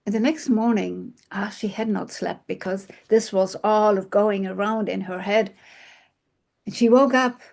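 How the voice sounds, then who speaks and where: A woman telling a fairy tale aloud, in a slow, expressive manner with hushed moments. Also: mid-range voice, creaky. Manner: slow, expressive, with soft sighs and hushed passages. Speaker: storyteller. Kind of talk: oral fairy-tale storytelling.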